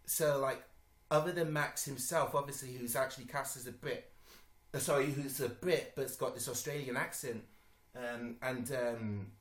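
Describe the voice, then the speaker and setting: A man giving a casual, rambling reaction to a movie trailer, swearing often, with lots of fillers and sudden bursts of excitement. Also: medium pitch. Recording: roomy echo.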